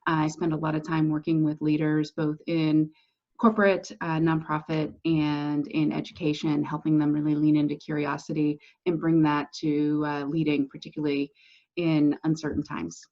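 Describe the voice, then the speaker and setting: Deep, flat-voiced woman coach. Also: normal speed. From United States. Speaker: executive coach, panelist. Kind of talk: webinar panel talk. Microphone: video call. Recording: dull lo-fi call audio.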